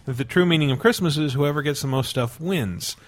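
A man's voice: on the high side, brisk. A man co-hosting a podcast in casual chat, playfully spinning absurd jokes. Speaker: podcast co-host.

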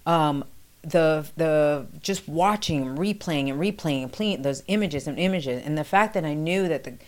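Speaking at normal speed, this interview guest is a New York City woman with a lower-pitched voice who shares stories from her past in a conversational way. Her telling is lively, with quotes acted out as her pitch climbs.

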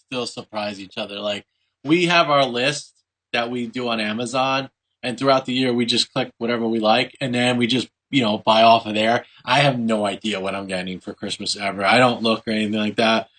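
A man's voice: mid-range voice, steady tone, fairly quick, a bit bright. A man hosting a casual chat, easygoing, with small restarts.

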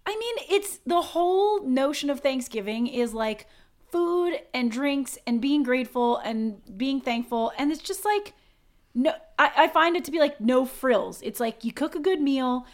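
A woman in casual podcast chat, with a slightly high voice. She sounds bubbly and talkative, with fast bursts and frequent fillers. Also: lively intonation. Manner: bubbly, chatty, lots of "like". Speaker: podcast co-host. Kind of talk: casual chat and read sponsor spot.

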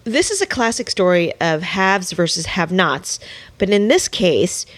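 A woman's voice: on the low side, sing-song, measured pace. A woman host asking interview questions in an engaged, empathetic way.

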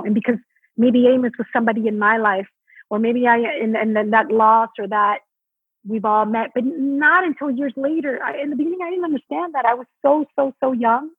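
A woman's voice: slightly rough, dry recording. A woman originally from Mexico, a Broadway actress, talking animatedly in an interview and acting out quotes. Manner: animated, acts out quotes with pitch jumps. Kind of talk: interview conversation. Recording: tinny phone-like line.

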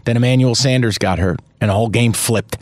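A man co-hosting a sports betting chat, ranting with theatrical mock outrage and cursing, his voice jumping high when riled. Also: fairly quick, dry recording, studio quality. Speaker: sports betting podcast co-host.

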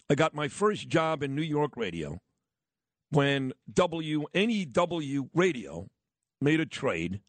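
Radio host guy rambling on the mic, slightly high voice, dead dry studio sound. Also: dry recording. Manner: chatty, rambling, offhand asides. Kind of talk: talk radio monologue.

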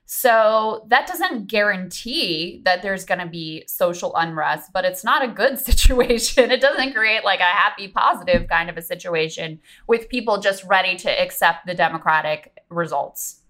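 A woman's voice: fairly low pitch, expressive, moderate pace, few pauses, fairly bright tone. A woman guest on a podcast, discussing politics in an earnest, analytical way with frequent ums.

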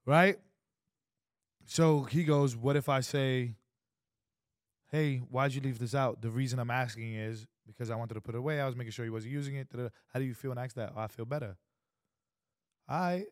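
A man in his twenties co-hosting a casual podcast chat, animated and profane, acting out quoted exchanges. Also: medium pitch, normal speed, pauses often, no room sound, clean studio sound. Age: 20s. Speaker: podcast co-host.

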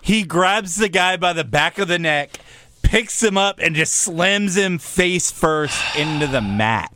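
A man with a high, lively voice drops wry, laid-back remarks in an unhurried casual chat. He sounds close and dry. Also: no room sound. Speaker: podcast co-host.

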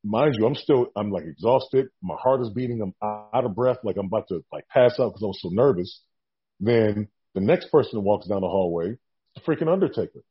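A man telling a long story in a casual interview, animated and acting out what people said. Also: on the low side, brisk, slightly rough, muffled recording. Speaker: guest, former wrestler.

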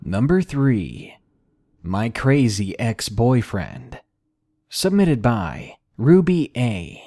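A man reading a submitted first-person horror story aloud in a measured, steady narration. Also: medium pitch.

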